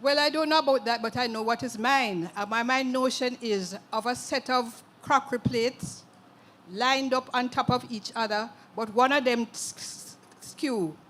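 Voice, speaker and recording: Older jamaican lady, writer chatting onstage, says okay a lot, kinda high voice, a bit of hiss. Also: normal speed, a bit bright. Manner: earthy, emphatic, punctuates with "okay". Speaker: writer and interview guest. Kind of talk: conversational interview at a literary event.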